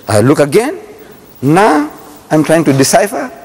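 A man's voice: a little high, fairly quick. Older South African man lecturing, echoey hall. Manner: animated storyteller with rhetorical questions to the crowd. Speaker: Islamic lecturer. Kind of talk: religious lecture to a live audience. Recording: echoey hall with long reverb.

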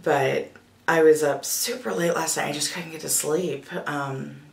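A woman vlogger in her thirties talks in a low, gravelly voice that is husky from allergies. She sounds groggy and rambles casually with plenty of ums. She is recorded a little far from the mic in an echoey room. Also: measured pace. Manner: relaxed, rambling, many fillers. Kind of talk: casual vlog chat.

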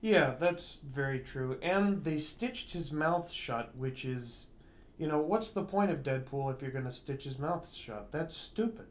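A man in casual, unscripted conversation about a film, halting with frequent ums and dry remarks. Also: mid-range voice. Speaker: co-host reviewer. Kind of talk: casual unscripted movie review chat.

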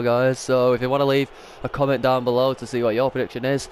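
A man's voice: medium pitch, flat delivery, fast, slight background noise. Man commenting on gameplay, filler-heavy. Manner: frequent filler sounds, swears and shouts at the referee. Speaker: gaming YouTuber.

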